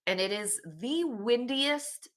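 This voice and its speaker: A woman's voice: fairly high pitch, expressive, takes it slowly. A woman in her late thirties, a podcast host, casually telling a candid story with laughs and swearing. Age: 30s.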